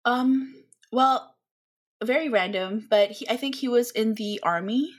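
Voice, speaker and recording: A woman's voice: a little high, a little slow. Chatty young woman with a North American accent. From Philippines. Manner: chatty, many fillers and restarts. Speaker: podcast guest. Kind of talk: casual interview chat.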